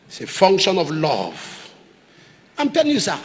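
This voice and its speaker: A man with a Nigerian English accent preaching a sermon, swinging between loud fervent outbursts and low, quiet storytelling. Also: huge pitch swings, moderate pace. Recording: large hall reverb, faint noise.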